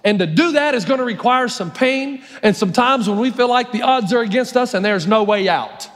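A man delivers a sermon with a notably high voice, animated and storytelling. He acts out lines as he goes. A long reverb trails every phrase from the big church hall. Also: moderate pace. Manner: animated storytelling, acting out quotes. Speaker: pastor.

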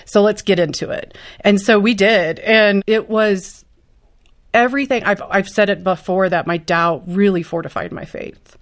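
A woman's voice: medium pitch, unhurried. A woman guest speaking candidly and earnestly in an interview, a mother of a child with special needs. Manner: earnest, heartfelt, lively retelling.

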